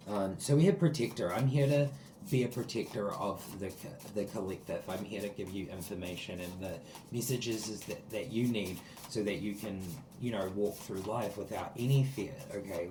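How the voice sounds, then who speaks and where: Earnest, rambling low-voiced man reading tarot. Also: echoey room, noisy background. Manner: earnest, rambling, full of likes and ums. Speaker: tarot card reader. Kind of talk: spiritual tarot reading to viewers. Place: sitting outdoors.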